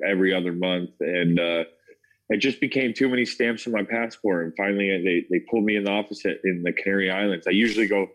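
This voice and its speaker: A deep-voiced man from the United States shares his personal story as an interview guest, speaking casually and leaning on fillers like "like" and "man." The audio quality is poor.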